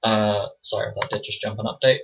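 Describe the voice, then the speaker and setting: A man's voice: lowish voice, steady tone, fast talker, noisy background. A man running a tabletop game on stream as game master, narrating attacks and rolls in a casual, swearing manner, muttering to himself between turns. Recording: slightly dull streamed audio with faint music.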